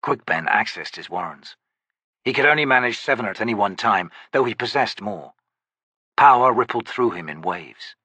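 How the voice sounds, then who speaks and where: A man narrates a fantasy audiobook in a measured, expressive storytelling style. His voice is on the low side and slightly rough, with no echo.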